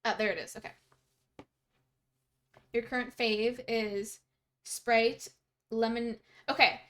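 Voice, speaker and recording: A young woman from Canada chats live with her stream viewers as she plays. Her voice sits high and bright, and she giggles often and replies to messages in a bubbly, easygoing way. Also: steady tone, slow pace. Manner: bubbly, giggly, chatty, reads chat aloud. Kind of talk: casual live-stream chat.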